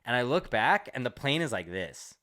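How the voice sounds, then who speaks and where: A man's voice: mid-range voice, sing-song, normal speed, bright, forceful tone. A young man co-hosting a comedy podcast, telling a long story in casual chat, rambling with lots of "like" and swearing.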